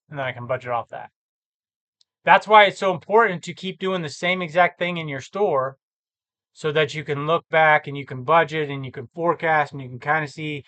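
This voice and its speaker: Man, reseller vlog, casual screen walkthrough, self-correcting, slightly high voice. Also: brisk, sharp tone, dry recording. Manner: thinks aloud, muttering numbers, self-correcting. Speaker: reseller vlogger.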